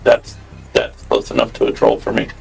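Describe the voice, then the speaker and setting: A man's voice: a bass voice, sing-song, moderate pace, creaky, a little mellow, poor audio. A man playing in a tabletop game, plainly stating what his character does. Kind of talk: casual game chat.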